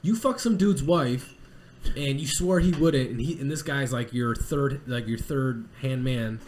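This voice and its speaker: A man's voice: medium pitch, unhurried, a little mellow, slight background noise. Profane joking male podcast host. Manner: loose and profane, jokey, loses his train of thought. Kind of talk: casual podcast chat.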